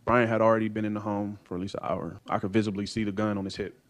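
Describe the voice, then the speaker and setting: Fast-talking man testifying in court. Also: lowish voice, level tone. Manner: rapid storytelling that acts out others' remarks. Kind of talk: courtroom testimony, recounting events.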